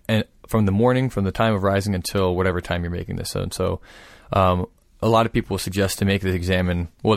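A man calmly explaining a prayer practice in casual conversation. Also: sits low, dry recording, clean studio sound. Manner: thoughtful, explanatory, steady.

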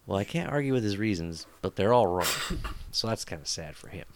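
Joking man with a lively voice. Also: fairly low pitch, moderate pace, noisy background. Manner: joking, laughs often. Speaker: podcast co-host. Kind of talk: casual banter.

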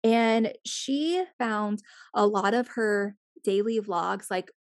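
A woman's voice: medium pitch, slow, dry recording, studio quality. A woman chatting casually as a podcast co-host, full of "like" fillers and blunt swearing. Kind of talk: casual chat.

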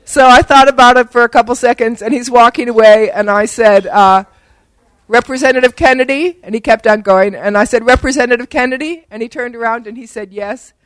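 A woman's voice: on the high side, steady tone, brisk, few pauses, dry recording, poor audio. An older woman giving an award acceptance speech, telling self-deprecating, humorous anecdotes with fillers. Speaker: award recipient and disability advocate.

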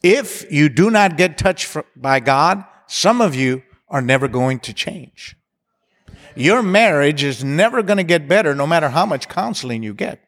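A man's voice: fairly high pitch, animated, normal speed, fairly bright tone, in a large hall. A man preaching a sermon, building to passionate appeals and mixing in humor. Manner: preaching with rising intensity and leading songs. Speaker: pastor.

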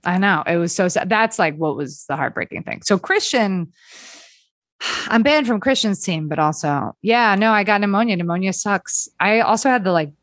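A young woman comedian in casual chat, telling stories with animated put-on voices for the people she quotes. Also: mid-range voice, normal speed, dry recording, clean studio sound.

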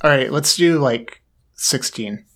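A man with a middle-pitched voice, chatting casually on a podcast. He talks in an easygoing way and makes wry remarks. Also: takes it slowly, bright, forceful tone, husky. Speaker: podcast co-host. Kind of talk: casual chat.

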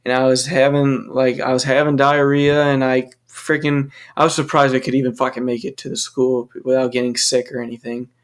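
A man's voice: medium pitch, flat delivery, brisk, hardly any pauses. Young man ranting on a solo podcast. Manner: profane, ranting, rambling with restarts. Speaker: podcast host. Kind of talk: casual solo podcast monologue.

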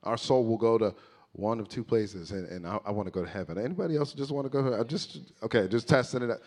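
A man as a pastor giving a lively, conversational sermon with joking asides. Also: on the low side, fast talker.

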